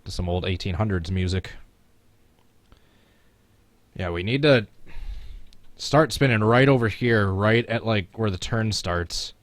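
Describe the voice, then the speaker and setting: A man's voice: fairly low pitch, a little slow, pauses often, no room sound. A man casually commentating his racing game on a live stream, chatting with viewers and chuckling as he plays. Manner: chatty, chuckling, talks to chat while playing.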